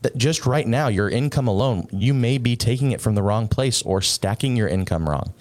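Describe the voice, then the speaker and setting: A man's voice: medium pitch, animated, moderate pace, a little mellow. A man speaking as a financial advisor on a radio talk show, firm and matter-of-fact.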